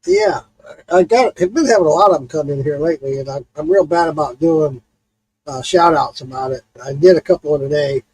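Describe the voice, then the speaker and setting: A man's voice: a little high, brisk, breathy edge, no echo, poor audio. A man hosting a livestream, telling stories in a loose, casual chat and swearing freely. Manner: animated storytelling, swears freely. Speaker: livestream host.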